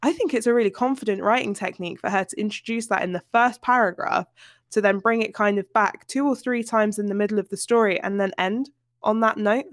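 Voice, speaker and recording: A woman's voice: medium pitch, brisk, dry recording, clean studio sound. Chatty woman discussing a book. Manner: animated, chatty, laughs often. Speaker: podcast co-host.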